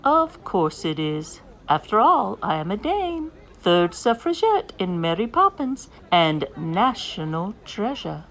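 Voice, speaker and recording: A woman's voice: mid-range voice, very animated, slow, hardly any pauses, a bit bright, heavily acted, rough recording. A woman playing a vain, pompous British stage dame who declaims her own credits in a grand, theatrical British accent. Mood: haughty. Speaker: guest host.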